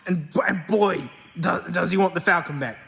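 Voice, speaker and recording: Australian male car vlogger, high and excitable, slangy and quick to laugh; reverberant garage sound. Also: vocal fry. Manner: excitable, chatty, laughs often, lots of slang. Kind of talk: casual commentary over car work and testing.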